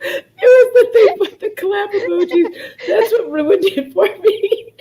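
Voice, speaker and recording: A woman's voice: very high-pitched, lively intonation, measured pace, warm tone. A woman hosting a casual livestream chat from home, who keeps breaking into helpless laughter. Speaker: livestream host.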